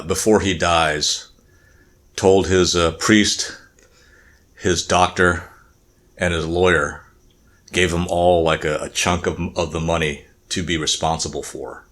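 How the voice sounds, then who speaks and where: A man's voice: sits low, steady tone, slow pace, pauses often, a bit bright. A male podcast co-host telling jokes in a casual chat, rambling and restarting as he goes. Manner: rambling, restarts, puts on voices.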